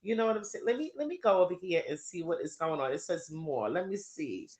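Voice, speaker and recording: A woman's voice: on the low side, lively intonation, fairly quick, a little mellow. A woman hosting a casual livestream. She chats to viewers and laughs often while she sorts out her settings. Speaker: livestream host.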